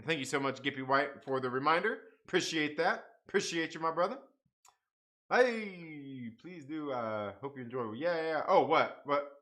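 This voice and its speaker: Bright-voiced man rambling on a live stream. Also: mid-range voice, lively intonation, normal speed. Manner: rambling, swears a lot, laughs often, reads chat aloud. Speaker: host of a live comics stream. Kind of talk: casual live-stream chat.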